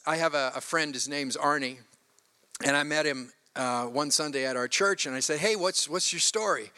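A man's voice: a little high, pushed and bright. A man preaching a sermon, animatedly retelling a story with quoted voices. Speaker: pastor.

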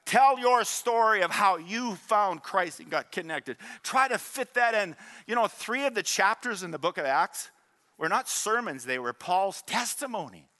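Guy in his 60s preaching, high voice, crisp and bright, jokes around with the crowd. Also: moderate pace. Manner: animated, joking storyteller who prompts the congregation. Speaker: pastor. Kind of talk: sermon.

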